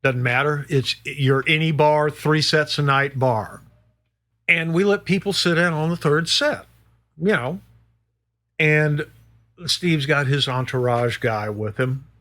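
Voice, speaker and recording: A middle-aged man, a guest musician, telling a story in a casual, animated way, swearing and peppering it with "you know". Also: a little high, takes it slowly.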